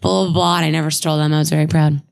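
A woman in the middle of a relaxed chat, telling a story from her childhood. Her voice carries a gravelly, vocal-fry edge. She tells it with drama and acts out the people she quotes. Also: low-pitched, rapid-fire.

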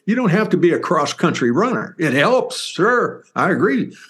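An older man, a former football player and author, telling stories in an interview with animated, rambling enthusiasm. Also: fairly high pitch, moderate pace. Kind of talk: interview storytelling.

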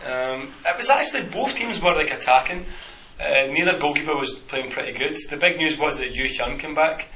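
A man's voice: a little high, animated, moderate pace, few pauses, bright, forceful tone. A man co-hosting a casual football podcast, rambling with many restarts and fillers. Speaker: podcast co-host. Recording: roomy, slightly dull, faint hiss.

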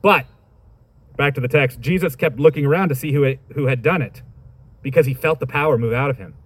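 A man's voice: medium pitch, a little fast, breathy edge, no echo. Conversational man preaching in a dry room. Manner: thoughtful, conversational, informal asides. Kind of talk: sermon reading scripture and reflecting.

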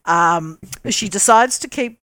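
A woman's voice: mid-range voice, animated, slow pace, fairly bright tone, dry recording. A woman co-hosting a podcast, chatting casually and explaining with lots of ums and restarts. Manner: chatty, explains with many fillers. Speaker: podcast co-host. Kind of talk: casual chat.

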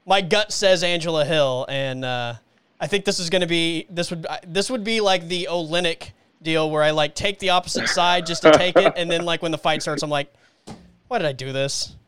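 A man's voice: on the high side, a little fast, fairly bright tone. A man hosting a casual podcast about fights, chatty and upbeat, often hedging with "like". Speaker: podcast host.

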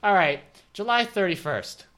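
A man's voice: high-pitched, lively intonation, normal speed, bright, forceful tone. A man co-hosting a casual chat, joking and reading book blurbs aloud with playful emphasis. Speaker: podcast co-host.

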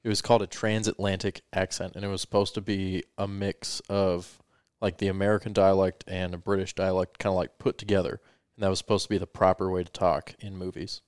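A man with a low, smooth and resonant voice, chatting casually and explaining at an easy pace. The sound is dry and close to the mic. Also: flat delivery, a little fast, darkish tone, no room sound. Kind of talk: casual chat.

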